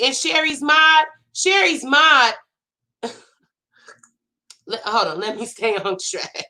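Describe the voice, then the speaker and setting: A high-voiced woman rants to her viewers in animated, indignant reaction commentary. Her tone is bright and cutting, and she addresses her chat directly from a home livestream setup. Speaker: commentary host.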